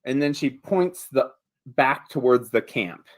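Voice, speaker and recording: A man narrating a tabletop game as game master, relaxed, with many fillers. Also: mid-range voice, a little slow.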